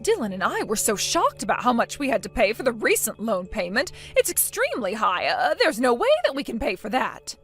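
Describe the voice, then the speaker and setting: A woman voicing a scornful mother-in-law in a text-message story, bossy and demanding, with soft music behind. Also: fairly high pitch, very animated, brisk, few pauses. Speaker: story character.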